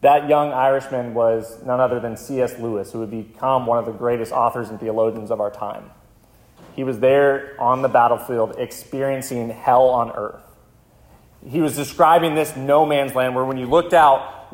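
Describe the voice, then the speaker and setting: A male pastor telling a vivid story in a sermon, slowing down for dramatic moments. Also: mid-range voice. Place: church.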